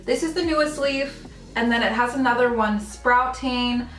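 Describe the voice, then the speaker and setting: A woman's voice: on the high side, moderate pace, a bit bright, soft background music. Gushing, chatty woman in a roomy room. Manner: gushing, chatty, with frequent ums and laughs. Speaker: plant vlogger. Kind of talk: casual haul video chat. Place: home room full of houseplants.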